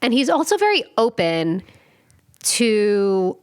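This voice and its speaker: A woman's voice: medium pitch, big pitch swings, takes it slowly, clean tone, dry recording, studio quality. A woman in her forties speaking earnestly and reflectively as a podcast guest, often restarting her phrases. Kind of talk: casual chat.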